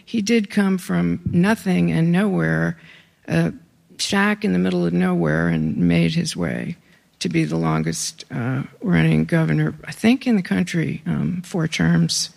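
Author reading their own stuff to a crowd, super gravelly voice, wry little asides. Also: mid-range voice, expressive, a little slow, a little mellow. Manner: wry, conversational asides between read passages. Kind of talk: reading aloud to a live audience.

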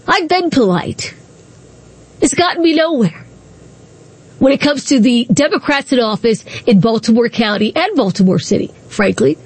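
A woman's voice: high-pitched, no echo. A woman hosting talk radio, speaking in a combative, indignant way with repeated rhetorical questions.

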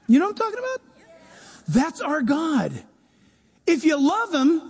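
A man preaching a sermon as pastor, animated, with humorous asides. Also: extremely high pitch, moderate pace, pauses often. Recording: long hall reverb.

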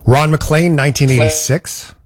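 A man's voice: a little high, normal speed, slight background noise. A man co-hosting a podcast, chatty and enthusiastic. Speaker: podcast co-host. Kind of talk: casual chat.

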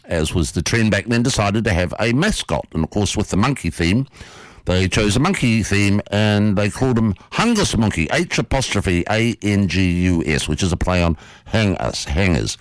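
A man on a studio mic spinning a radio yarn. His pitch swings a lot as he tells it, and the sound is close and dry. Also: no room sound. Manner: lively, playful, quick storytelling. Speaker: radio host. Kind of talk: radio storytelling and interview intro. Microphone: studio microphone.

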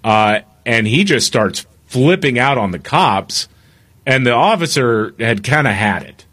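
Animated, husky-voiced male podcast co-host. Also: mid-range voice, a little slow. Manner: animated storyteller, laughs while talking. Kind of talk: casual chat and storytelling.

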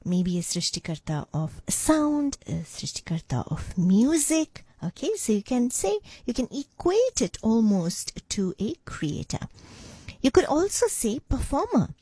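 A woman's voice: a little high, big pitch swings, unhurried, warm tone, husky, no room sound. A woman presenting a radio language lesson in a studio, encouraging and drawing out syllables as she teaches.

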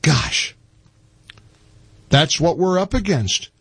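A man hosting a talk radio show, commenting forcefully and repeating phrases for emphasis. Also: fairly high pitch, lively intonation, takes it slowly, slightly rough, dry recording. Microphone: studio microphone.

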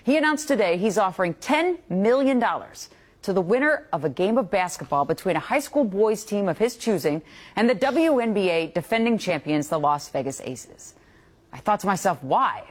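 A woman's voice: medium pitch, lively intonation, moderate pace. A woman news anchor reading a scripted, disapproving commentary segment. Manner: pointed, disapproving editorial delivery.

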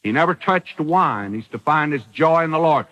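A man's voice: on the high side, animated, normal speed, muffled recording. A man preaching a dramatic sermon, acting out the quotes in the bible story.

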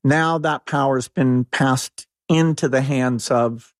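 A man's voice: mid-range voice, steady tone, slow pace, no echo, studio quality. A man as a guest in an interview, arguing in an urgent, emphatic and incredulous way. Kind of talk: interview conversation.

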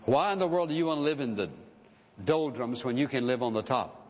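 A male pastor preaching with earnest emphasis, firing rhetorical questions at his listeners. His voice sits at an ordinary middle pitch. The sound is slightly dull, with a long reverb from a large hall. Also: lively intonation, fairly quick. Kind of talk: sermon.

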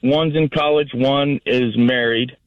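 A man's voice: medium pitch, fairly even intonation, slow pace, no echo. A middle-aged man from Florida calling in to a radio show, telling a story in an easygoing way. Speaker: caller. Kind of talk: call-in radio chat. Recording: muffled phone line.

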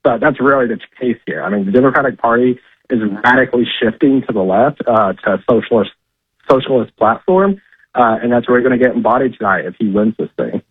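A man's voice: mid-range voice, fast talker, slightly rough, dry recording. A man calling in as a political correspondent, talking conversationally with many fillers. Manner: conversational, frequent "uh" and "I mean". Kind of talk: call-in political commentary. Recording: tinny phone line.

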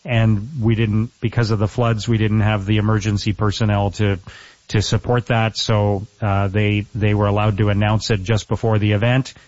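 A man's voice: on the low side, flat delivery, a little mellow, no echo. Middle-aged mayor man, phone line. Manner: earnest and measured, with many restarts. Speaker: mayor, radio guest. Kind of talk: radio interview. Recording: dull, dry phone line.

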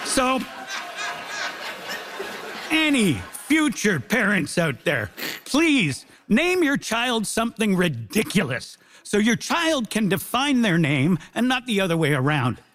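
Male stand-up debater, high and very animated voice, mock-grand joke delivery. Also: takes it slowly, slight background noise. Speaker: comedian debater. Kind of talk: stand-up style debate speech. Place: theatre stage.

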